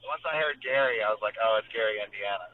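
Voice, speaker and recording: A man's voice: lowish voice, quick pace, no echo. A man calling in to a podcast by phone while driving, laid-back and hesitant with many fillers. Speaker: guest calling in. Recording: tinny phone line cutting out.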